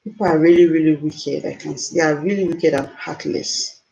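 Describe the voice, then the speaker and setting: A woman's voice: deep voice, fairly even intonation, normal speed, vocal fry, mellow, poor audio. Lady on a livestream, upset and emotional, lots of exclaiming, phone mic. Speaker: livestream host. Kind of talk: live stream talk to viewers.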